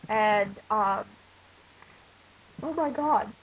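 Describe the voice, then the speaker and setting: In this casual vlog, a sick teen exchange student from the US, nose stuffed up and coughing, rambles and rants with many fillers. Her voice is mid-range and very slow. The dull lo-fi sound includes slight background noise.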